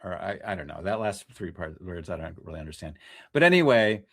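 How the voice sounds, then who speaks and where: Low-voiced man, chatty and self-correcting. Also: big pitch swings, fairly quick. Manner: restless, self-correcting, many restarts and fillers. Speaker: freelance journalist, podcast guest. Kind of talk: casual conversational interview.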